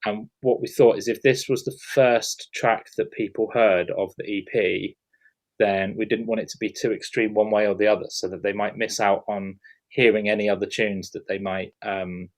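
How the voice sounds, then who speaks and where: Low-voiced man, hesitant chat. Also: fairly even intonation, moderate pace. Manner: hesitant, many fillers and restarts. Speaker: producer hosting an interview. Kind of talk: casual interview chat.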